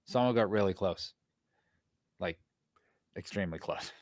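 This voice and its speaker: A man's voice: sits low, a little slow, dry recording, studio quality. A man co-hosting a casual podcast who is chatty and laughs often. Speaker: podcast co-host.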